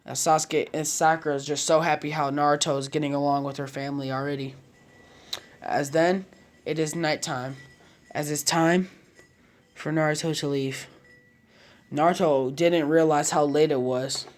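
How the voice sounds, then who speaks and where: A storyteller improvising a fan story out loud, rambling with many restarts and self-corrections. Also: medium pitch, fairly even intonation, normal speed, pauses often.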